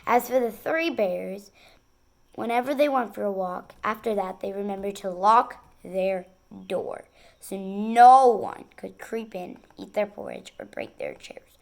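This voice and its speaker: A woman reading a picture book aloud in an expressive, sing-song storytelling manner. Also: mid-range voice, a little slow, vocal fry. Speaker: storybook reader.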